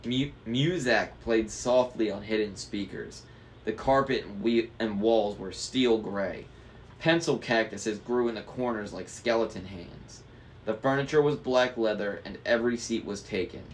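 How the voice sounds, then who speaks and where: Man reading a novel aloud, casual, stumbles over hard words, low voice, faint noise. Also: measured pace. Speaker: book reader.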